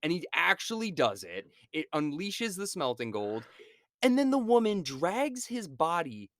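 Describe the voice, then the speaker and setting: A male podcast host tears into a movie in casual chat, acting out its characters with a mocking edge. His voice swings widely in pitch and sounds dry and close. He sounds lively throughout. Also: unhurried, no room sound. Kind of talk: casual film-review chat.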